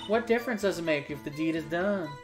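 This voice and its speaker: A man voicing a short-tempered woman detective on the witness stand, shrill and snappish, over game music. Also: fast talker, lightly acted.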